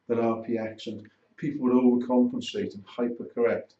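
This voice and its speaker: Male lecturer summing up a unit, mellow voice, talks in short measured chunks. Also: mid-range voice, little pitch movement. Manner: measured, broken into short phrases. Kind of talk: recorded lesson summary. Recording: roomy, distant, dull sound.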